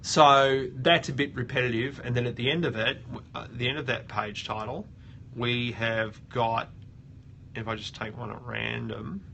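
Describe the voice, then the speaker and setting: A man talks through a tutorial as he works on screen. His voice is gravelly and forceful, and he thinks out loud, often breaking off and starting a sentence again. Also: medium pitch, fairly even intonation, moderate pace, a little hiss or hum. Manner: thinks aloud, with frequent restarts. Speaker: host of a web audit show. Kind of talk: casual screen-share tutorial.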